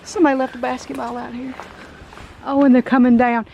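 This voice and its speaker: A woman's voice: high voice, level tone, fairly quick, vocal fry, a little mellow, muffled recording, a little hiss or hum. A middle-aged woman with a Southern US accent, chatting folksy and emotional as she walks through an old house for her vlog. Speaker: vlog host. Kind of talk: casual vlog walkthrough. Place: outdoors at an abandoned house.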